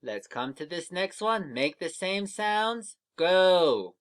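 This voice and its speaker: Guy teaching little kids letter sounds, real slow and patient, voice bouncing up and down a lot. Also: high voice, animated, sharp tone. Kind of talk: early reading lesson for young children.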